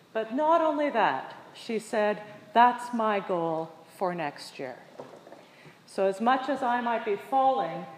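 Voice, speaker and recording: Woman preacher, mid-pitched, lively storytelling sermon, long reverb, faint room hum. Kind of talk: sermon with personal anecdote. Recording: echoey hall with long reverb.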